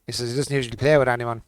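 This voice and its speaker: A man streaming a game and chatting loosely with friends on a voice call. His voice sits at an ordinary middle pitch for a man. He swears casually and laughs easily as he talks. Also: fairly even intonation, quick pace, slight background noise. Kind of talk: casual gaming stream chat.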